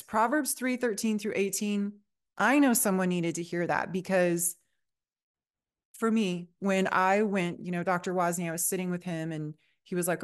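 A woman's voice: lowish voice, fairly even intonation, normal speed, clean tone. A middle-aged woman hosting a faith-based podcast, earnest and encouraging, often checking in with her listeners. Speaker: podcast host.

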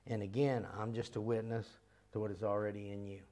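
A man with a lowish voice gives a seminar talk in an earnest, emphatic manner. He hammers key phrases again and again and rattles off strings of rhetorical questions. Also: level tone, mellow. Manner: rhetorical questions in quick runs. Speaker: seminar teacher for a ministry.

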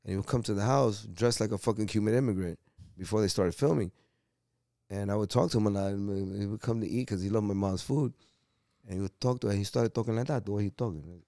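A man in his fifties from Puerto Rico, an actor telling profane, animated stories as an interview guest. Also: lowish voice, quick pace, dry recording, studio quality. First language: Spanish. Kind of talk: casual storytelling interview.

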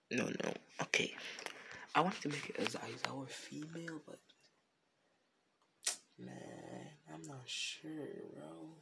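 A man's voice: fairly high pitch, vocal fry, a bit bright, a little hiss or hum. A man improvising a fan story off the top of his head, rambling and self-correcting with a slangy, casual manner. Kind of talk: improvised fan-fiction narration.

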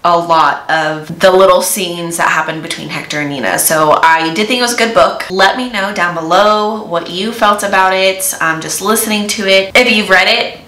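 A woman's voice: on the low side, moderate pace. A woman recapping a novel's plot in a casual, chatty way, with playful asides, while doing her makeup. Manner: animated, lively retelling with playful asides. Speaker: book reviewer. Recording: echoey room.

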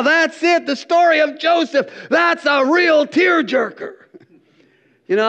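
A middle-aged male pastor preaching a sermon in an animated, folksy storytelling manner with repeated restarts. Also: high voice. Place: church. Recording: dull lo-fi recording.

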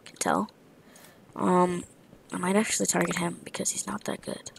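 A woman's voice: on the low side, level tone, normal speed, vocal fry, noisy background. A tired woman giving casual commentary on her own gameplay, rambling and tossing out playful trash talk with muttered asides.

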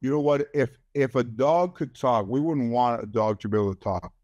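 An older man, a comedian guest, telling stories in a casual chat, going from quiet asides to punchy lines. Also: mid-range voice, moderate pace, no room sound, highs cut off. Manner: animated storyteller, drops to quiet asides then punches up. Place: radio studio.

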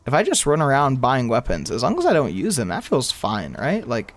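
Animated young man narrating his gameplay. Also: mid-range voice, fairly quick. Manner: rambling, self-talking, bursts into exasperated outbursts. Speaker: gaming video creator. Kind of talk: live gameplay commentary.

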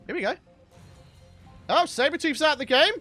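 A young British man giving excited, chatty let's play commentary as the host of a gaming channel. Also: very high-pitched, moderate pace, soft background music. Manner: excitable, chatty, bursts into shouts and laughs.

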